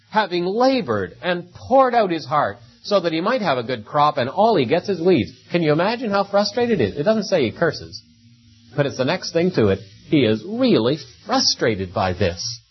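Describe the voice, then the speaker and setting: A man's voice: on the high side, very animated, moderate pace, breathy edge, lo-fi sound, faint music behind. A man preaching a sermon in a conversational way, often tagging rhetorical questions onto his points.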